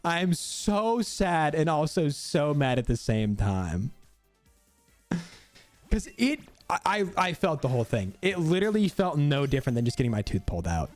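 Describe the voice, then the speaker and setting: A young man streaming, casually telling a story while gaming, animated and cursing freely with frequent laughter. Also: a little high, normal speed, no echo, soft background music.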